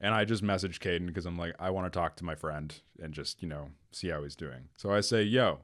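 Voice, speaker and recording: Young male podcast co-host, lowish voice, animated, swears a lot. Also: fairly quick. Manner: animated storyteller, swears freely. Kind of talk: casual podcast storytelling. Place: podcast recording room.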